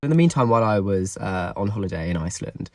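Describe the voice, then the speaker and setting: A man's voice: on the low side, animated, fast talker, a little mellow. A young man candidly telling a personal story to camera, emotional and confessional, swearing often. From England.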